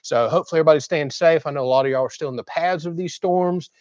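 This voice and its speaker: A man from Florida, slightly hoarse, hosting a casual livestream chat from outdoors in a chatty, folksy, rambling way. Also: fairly high pitch, rapid-fire, a little mellow, no room sound, lo-fi sound. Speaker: livestream host. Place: outdoors at a home cooking spot.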